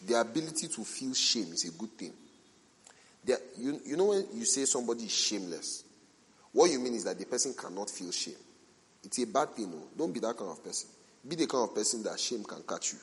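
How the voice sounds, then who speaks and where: A man preaching a sermon as a pastor, telling animated everyday stories, asking rhetorical questions and acting out the people he quotes. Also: medium pitch, brisk. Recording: long reverb from a large hall.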